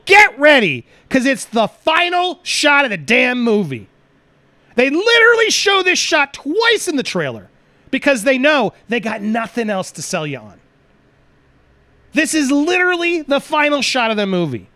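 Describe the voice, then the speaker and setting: Ranting man with a high, lively voice. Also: no room sound. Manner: indignant, ranting, emphatic, sometimes shouting. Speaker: movie review host. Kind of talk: angry movie review rant.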